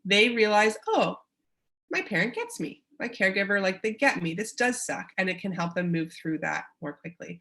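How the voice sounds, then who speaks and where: A woman's voice: lowish voice, bright, forceful tone. A woman with a Canadian accent presents a parenting webinar in an encouraging way, acting out short quotes of parents and children.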